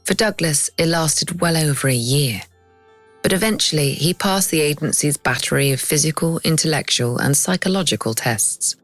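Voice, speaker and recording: Woman narrator, very low pitch, measured and wry, faint music underneath. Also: lively intonation, fairly bright tone, no room sound. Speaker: podcast host and narrator. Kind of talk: scripted narration.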